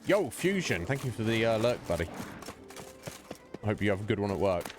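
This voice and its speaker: A man's voice: fairly low pitch, sing-song, fairly quick, background noise. A man streaming a video game, talking casually and rambling as he thinks aloud while he plays. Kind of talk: casual let's-play commentary.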